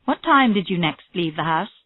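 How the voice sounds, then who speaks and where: A woman reading a calm, persistent female detective. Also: on the low side, normal speed, no echo. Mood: probing. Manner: steady, pressing questions. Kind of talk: reading a graded story aloud. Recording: tinny phone-like audio, dry.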